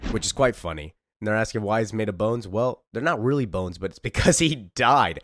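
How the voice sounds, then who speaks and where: A man's voice: lowish voice, lively intonation, brisk, few pauses, fairly bright tone, no room sound, studio quality. A man casually narrating a comic story recap in a chatty way. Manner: casual, chatty, fills in with 'like'.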